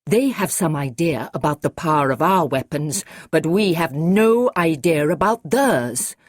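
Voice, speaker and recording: Calm earnest eccentric doctor for an audiobook, courteous, read by a woman in a low, lively voice. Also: a little slow, dry recording, clean studio sound. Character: calm eccentric male time traveller, earnest.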